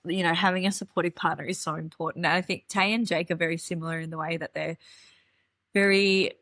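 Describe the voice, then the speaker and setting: A woman's voice: lowish voice, steady tone, fast talker, a bit bright, no echo, clean studio sound. A woman with an Australian accent hosting a podcast interview, talking supportively and sometimes speeding through her sentences. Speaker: podcast host. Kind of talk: casual interview chat.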